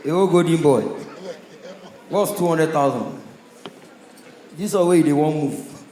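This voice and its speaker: A man with a Nigerian accent doing a stand-up comedy set on a stage, telling stories in a loud, punchy way. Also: a little high, a little slow, reverberant, a little hiss or hum, low-quality recording. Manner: loud, punchy storytelling in pidgin.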